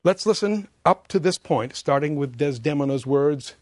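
Expressive man explaining opera, dry sound. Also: a little high, normal speed, few pauses, no room sound. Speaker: opera lecturer. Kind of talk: scripted explanatory talk.

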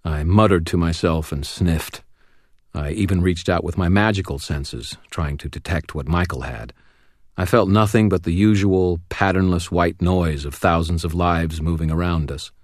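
A man reads a first-person audiobook in a wry, steady way. His voice sits very low, and the recording is dry and close with no room sound. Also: normal speed, no echo. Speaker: audiobook narrator.

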